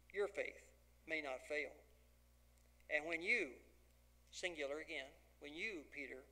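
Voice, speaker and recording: Man, pastor, sermon, folksy, dramatic, somewhat high-pitched. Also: bright, forceful tone. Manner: folksy, dramatic, acts out dialogue.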